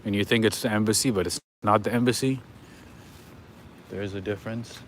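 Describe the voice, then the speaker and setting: A man with a fairly low voice talks casually to his livestream viewers as he strolls a city street at night. He chuckles often and keeps up a loose, friendly commentary, with faint street noise behind him. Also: fairly even intonation, fairly quick. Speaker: livestream host. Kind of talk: casual walking livestream chat.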